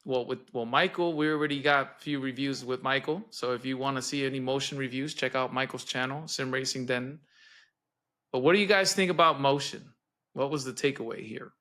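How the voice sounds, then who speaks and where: Upbeat bright-voiced man hosting a podcast. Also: mid-range voice, fairly quick. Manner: enthusiastic, laughs often. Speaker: podcast host. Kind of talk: casual podcast chat.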